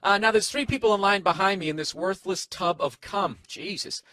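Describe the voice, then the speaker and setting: A man's voice: sits high, normal speed, pushed and bright, no echo. Profane, sarcastic man ranting in a hotel room. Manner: profane, sarcastic, acts out quoted voices. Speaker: podcast host. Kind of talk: casual comedic rant. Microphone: single microphone, no headphones.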